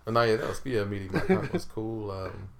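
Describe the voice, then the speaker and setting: A man's voice: lowish voice, lively intonation, a little fast, gravelly, a little hiss or hum. A man tells a story in a laid-back way. He fills his talk with ums, likes and little laughs, like he's chatting with friends. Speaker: tournament organiser. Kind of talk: casual chat.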